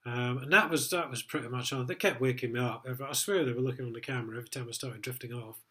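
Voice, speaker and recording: A man's voice: mid-range voice, racing, sharp tone. A middle-aged man, telling his own story in a sweary, aggrieved, rambling way, full of ums. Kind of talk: casual personal account.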